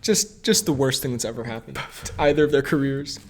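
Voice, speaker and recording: A man's voice: mid-range voice, brisk. A young man co-hosting a casual movie podcast, rambling, laughing often and losing his train of thought. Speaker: podcast co-host.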